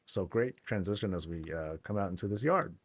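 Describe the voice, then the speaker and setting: A man's voice: sits low, animated, a little fast, slightly rough, no echo. A man hosting a casual game tour, laid-back and joking, with lots of slang. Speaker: game channel host.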